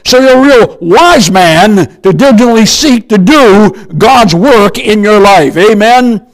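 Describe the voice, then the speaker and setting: Older guy preaching, kinda high voice, emphatic, asks the crowd questions a lot. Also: lively intonation, takes it slowly, rough recording. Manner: emphatic, repeats "beloved", asks the congregation questions. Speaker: pastor. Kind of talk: sermon.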